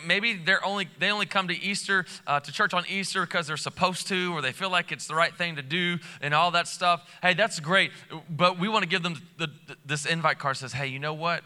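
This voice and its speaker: A male pastor preaches live in a big church auditorium, his voice fairly high and very bright with a smooth, resonant ring. He talks in a loose, energetic, rambling way, full of fillers and restarts. The sound carries a long hall reverb. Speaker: lead pastor.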